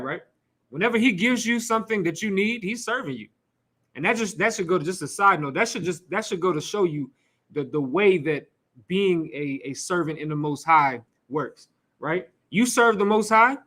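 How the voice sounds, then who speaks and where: A man's high, bright, forceful voice carries an informal sermon for his scripture class. He keeps it conversational, with rhetorical questions, asides, the odd swear word, and laughter aimed at the room.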